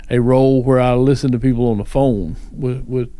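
Mellow, dark-toned man, casual group talk, wry and anecdotal, dry close sound. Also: medium pitch, fairly even intonation, fairly quick, smooth, no echo. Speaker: phone technical support worker.

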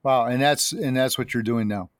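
A man's voice: medium pitch, normal speed, dry recording, clean studio sound. A man hosting a casual interview, encouraging his guest and affirming what he says. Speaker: podcast host.

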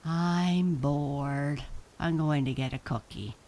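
A woman's voice: sits low, slow pace, dark tone. A woman voicing a bold, restless little girl who loves dinosaurs. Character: bouncy, bored little dinosaur-loving girl.

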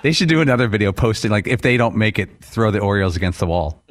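A man's voice: fairly low pitch, animated, quick pace, background noise. A man co-hosting a sports talk radio show, making wry, joking asides in casual banter. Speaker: radio co-host.

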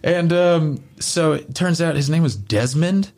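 A man's voice: on the high side, animated, normal speed, darkish tone. Profane rambling young man telling a story. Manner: rambling, profane, lots of filler likes. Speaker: podcast host. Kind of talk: casual storytelling chat.

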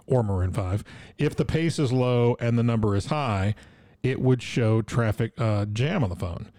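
A man's voice: medium pitch, normal speed, warm tone, dry recording. A man co-hosting a podcast, reading news stories aloud and adding wry asides in bantering chat.

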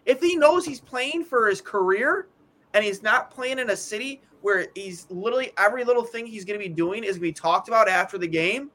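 A man's voice: high voice, brisk, pushed and bright. A man co-hosting a casual hockey podcast, ranting in an exasperated, rambling way with many stammered restarts. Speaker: podcast co-host. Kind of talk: casual sports talk.

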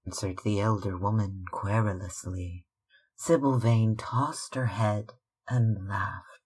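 A man reading a classic novel aloud in a soft, often hushed, whispery manner. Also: on the low side, a little slow, husky. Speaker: audiobook reader.

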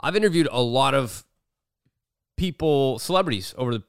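A man hosting a podcast, chatting casually and telling animated stories, acting out the people in them. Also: mid-range voice, moderate pace, clean tone, dry recording, studio quality. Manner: animated storyteller, mimics others. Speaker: podcast host. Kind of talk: casual chat.

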